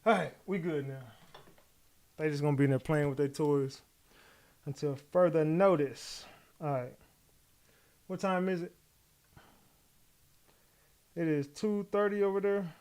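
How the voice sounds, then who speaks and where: A man with a New York accent commenting live on a trial, reading updates aloud and talking to his chat in a profane, animated way. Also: on the high side, measured pace, long pauses, no echo. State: out of breath. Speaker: livestream commentator.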